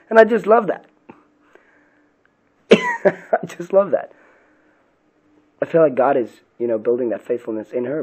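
Husky-voiced pastor, earnest and questioning. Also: male voice, medium pitch, dark tone, low-quality recording. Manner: earnest, asks many rhetorical questions. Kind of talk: podcast talk on parenting and faith.

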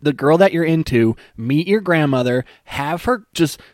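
A man's voice: a little high, lively intonation, moderate pace, a little mellow, dry recording, clean studio sound. Sarcastic profane man ranting. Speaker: movie reviewer. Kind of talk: comedic movie rant.

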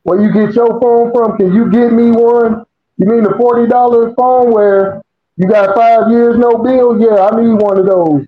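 A man with a high-pitched voice jokes and trades quick comebacks as a podcast co-host. The sound is roomy and a bit dull, as if he is away from a good mic. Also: fairly even intonation. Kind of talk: casual chat.

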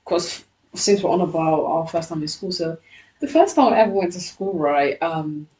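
A young Englishwoman talks quickly and loosely, full of slang, turning her th sounds into f. She sounds a little away from the mic, in a roomy space with some echo. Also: fairly low pitch, darkish tone, far from the mic, a little hiss or hum. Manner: fast-talking, slangy, drops th to f. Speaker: podcast co-host. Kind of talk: casual chat.

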